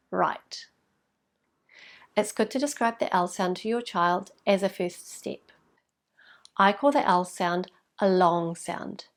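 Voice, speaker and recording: Creaky-voiced New woman teaching. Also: mid-range voice. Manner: clear, patient, demonstrates sounds slowly. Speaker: speech therapist. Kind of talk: instructional explanation for parents.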